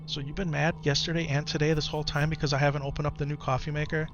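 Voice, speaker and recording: A man in his thirties at home, talking gently and patiently to his young son, then chatting casually with his live-stream viewers. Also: fairly high pitch, little pitch movement, rapid-fire, muffled recording. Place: home, in the morning. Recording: clear background music under voice. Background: music.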